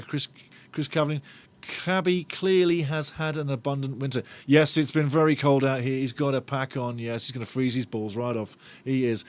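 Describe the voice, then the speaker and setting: A middle-aged man hosting a live football watch-along, chatting and bantering as he reads out viewer comments with a jokey, sarcastic streak. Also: medium pitch. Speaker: fan channel host of a match watch-along. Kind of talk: live-stream chat and match talk.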